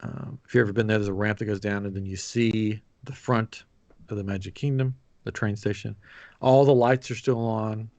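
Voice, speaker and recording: A man hosting a podcast, telling a story in a casual chat with lively acted-out quotes. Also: lowish voice, normal speed, dry recording, highs cut off. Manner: animated retelling with acted quotes. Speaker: podcast host.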